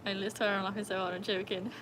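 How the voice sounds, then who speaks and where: A young woman hosting a casual live stream by a pool at night. She chats, laughs often and calls to her dogs in a high sing-song voice. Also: steady tone, fast, background noise. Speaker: livestream host. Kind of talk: casual live-stream chat reading comments.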